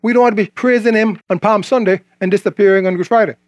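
A man's voice: high-pitched, fairly even intonation, fast, no echo, studio quality. A man preaching a sermon in a conversational way, quoting scripture and asking the congregation questions.

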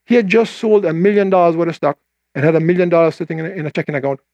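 An older man preaching a sermon, telling a story and voicing its people, then slowing down to read scripture. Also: dry recording. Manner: animated storyteller, quoting voices with rising pitch, slowing for scripture.

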